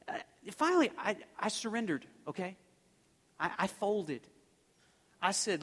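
A man preaches a sermon, telling a story in a loose, conversational way full of restarts and fillers. His high voice is expressive and fairly bright, at a moderate pace. The long reverb of a large hall surrounds him.

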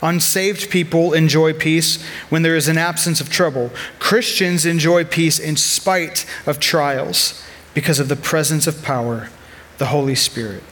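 A man's voice: fairly high pitch, steady tone, a little slow, a bit bright. A man in his thirties preaching a sermon as a pastor, earnest and conversational, weaving personal stories into his message.

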